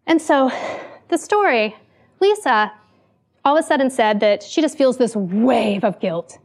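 A woman speaks to an audience, telling a story about a workplace and playing the people in it with lively shifts of voice. Her voice sits high. She talks in a casual, spoken way, full of fillers. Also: unhurried. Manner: animated storyteller, acts out quoted lines. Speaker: speaker giving a talk.

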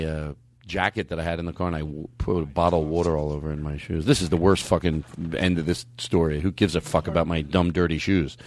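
A man's voice: deep voice, no room sound. A man hosting a podcast, telling rambling stories in casual chat with a lot of swearing. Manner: profane, rambling, animated storytelling. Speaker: podcast host.

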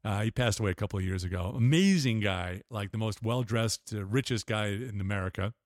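A man's voice: fairly low pitch, a little fast, no echo, clean studio sound. An older man, a guest on an interview show, telling rambling stories with restarts and laughs. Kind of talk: casual storytelling interview.

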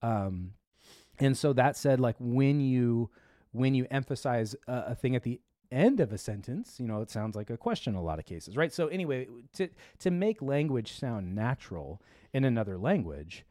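A man in his regular speaking pitch hosts a tech show, talking casually and rambling with plenty of fillers, restarts and small detours. He sits close to the mic in a dry room with almost no reverb. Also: big pitch swings, moderate pace, dark tone. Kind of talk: casual chat.

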